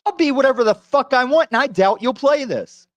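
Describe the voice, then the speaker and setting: A man's voice: extremely high pitch, expressive, fairly quick, no echo, lo-fi sound. A man on a video call, ranting angrily and cursing at the host. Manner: hostile, yelling and cursing. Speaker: caller on a livestream.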